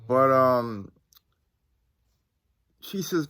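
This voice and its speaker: A man's voice: lowish voice, normal speed, fairly bright tone. A man in his forties from Ohio, telling a ghost story to his viewers in a casual, rambling way. He uses lots of fillers and asides and speaks into a phone. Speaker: channel host.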